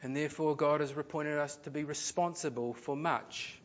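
A man preaching a sermon, earnest, swinging between loud emphasis and soft, low phrases, with some repeated words. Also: steady tone, moderate pace, muffled recording. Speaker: pastor.

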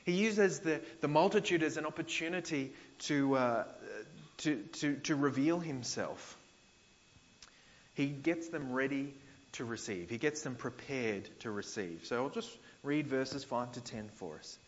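A man's voice: mid-range voice, animated, a little slow. Australian male pastor, mid-range voice, casual sermon delivery with slangy asides; slightly dull recording. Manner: conversational, paraphrases scripture in slang.

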